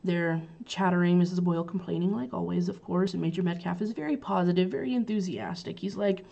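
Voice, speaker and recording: A woman's voice: fairly low pitch, a little fast, creaky, hardly any pauses, dark tone. A woman giving a chatty, casual summary of a play, retelling the scenes with fillers and paraphrased quotes.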